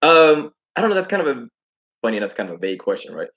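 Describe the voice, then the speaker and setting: A man hosting a casual livestream talk, telling stories with lots of repeated phrases and animated asides. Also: medium pitch, fast talker, lo-fi sound. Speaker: host.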